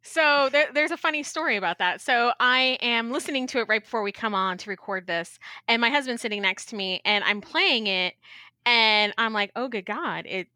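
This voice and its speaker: A woman co-hosting a casual podcast, telling stories in an animated, giggly way. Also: fairly high pitch, normal speed, no echo. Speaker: podcast co-host.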